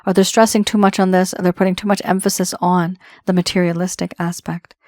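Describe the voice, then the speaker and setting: A woman's voice: on the low side, little pitch movement, fairly quick, a little mellow, no echo, clean studio sound. A woman giving a tarot reading, talking straight to the viewer in a conversational, reassuring way. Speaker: tarot reader.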